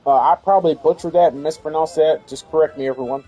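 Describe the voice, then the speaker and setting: Southern male streamer, husky and a bit high, loose and jokey. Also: steady tone, fast, mellow, faint music behind. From Tennessee, US. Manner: rambling, jokey, many "uh" and "or whatnot". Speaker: game streamer. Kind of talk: casual let's-play chat.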